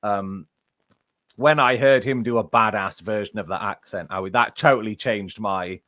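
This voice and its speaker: A man's voice: lowish voice, normal speed, a bit bright, no room sound, muffled recording. A man from England chatting casually as an audiobook narrator, rambling with lots of fillers and restarts. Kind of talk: casual chat.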